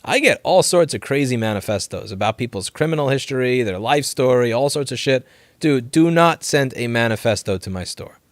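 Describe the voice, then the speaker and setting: A man's voice: medium pitch, lively intonation, fairly quick, no room sound. A man hosting a casual live question-and-answer stream from his repair shop, talking animatedly, swearing and laughing often. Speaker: livestream host.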